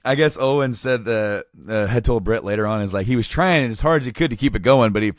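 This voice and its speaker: A man's voice: medium pitch, fast, no room sound, studio quality. A man co-hosting a podcast, telling a long funny story in casual chat, acting out the quotes and using lots of fillers. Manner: animated storyteller, acts out quotes with many fillers. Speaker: podcast co-host.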